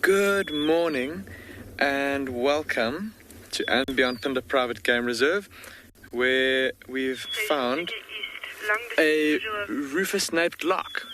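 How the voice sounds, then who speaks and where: A man safari guide opening a live game drive, speaking in a friendly, measured presenting voice outdoors in a reserve. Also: medium pitch. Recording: noisy outdoor broadcast.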